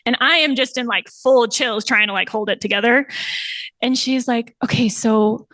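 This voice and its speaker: A woman's voice: fairly high pitch, normal speed, fairly bright tone. A young woman presenting her thesis, telling a client's story and animatedly acting out the quoted voices with laughs. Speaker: somatic practitioner presenting thesis.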